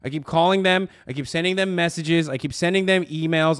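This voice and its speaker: A man's voice: fairly high pitch, fairly quick, a bit bright, clean tone, no room sound. Ranting sarcastic man, dry close mic. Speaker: streamer reacting to a video. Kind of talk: casual profane reaction commentary.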